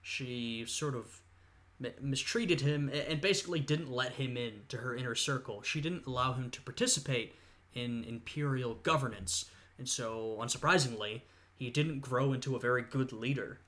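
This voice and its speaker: A young man with a bright, forward voice talks through a history video in a relaxed reaction style. He thinks aloud, filling the gaps with "uh" and "you know" as he explains. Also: medium pitch, normal speed. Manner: thoughtful, lots of "uh" and "you know". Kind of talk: casual reaction commentary.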